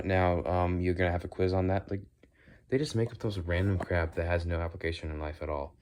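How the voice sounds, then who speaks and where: A man's voice: low-pitched, steady tone, brisk, a little mellow. A young man rambling opinionated thoughts while walking outdoors, now and then playing with silly accents and sounds. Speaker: vlogger. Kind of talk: casual walking monologue.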